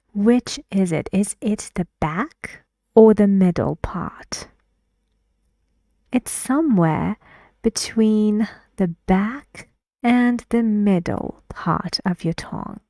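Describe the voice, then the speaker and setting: A woman teaching English pronunciation in a slow, patient way, often dropping to a breathy half-whisper. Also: medium pitch, warm tone, no room sound, studio quality. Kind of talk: pronunciation lesson.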